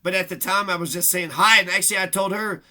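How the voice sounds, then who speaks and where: Vlogger, male, high tense voice; rambling profane rant, aggrieved delivery. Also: fairly even intonation, quick pace, pushed and bright. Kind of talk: casual ranting monologue.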